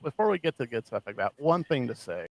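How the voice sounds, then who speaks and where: A man co-hosting a podcast in casual chat, animated and laughing often as he mocks what he quotes. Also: medium pitch, fast, vocal fry, very noisy. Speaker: podcast co-host.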